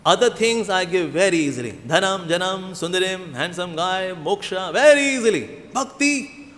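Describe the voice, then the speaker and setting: A man's voice: high-pitched, expressive, moderate pace, a bit bright. A man preaching a sermon, telling stories animatedly with playful asides. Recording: long hall reverb.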